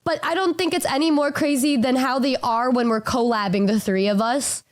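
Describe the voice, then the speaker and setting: A woman's voice: high-pitched, normal speed. A woman streamer in casual chat, teasing her friends and swearing offhandedly.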